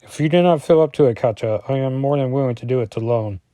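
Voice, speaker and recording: A man voicing a stoic male Russian superhero, reading his lines slowly and deliberately in a put-on Russian accent. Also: medium pitch, warm tone, dry recording, natural voice. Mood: solemn.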